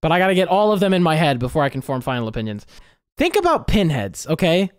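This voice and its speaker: A music producer giving casual, emphatic reaction commentary, excitable and given to repeating words and swearing. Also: mid-range voice, fast talker, dry recording, clean studio sound. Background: game chase music playing faintly.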